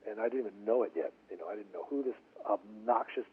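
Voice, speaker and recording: A man's voice: fairly low pitch, quick pace, slight background noise. A man, a guitarist guest on a radio interview, telling stories and acting out what people said. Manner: animated storyteller acting out quotes. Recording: phone-line audio.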